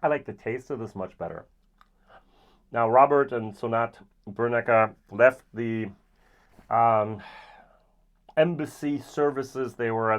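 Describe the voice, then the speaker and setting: A man giving a casual, rambling whisky tasting review, often pausing with ums. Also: medium pitch, muffled recording. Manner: relaxed, rambling with frequent ums.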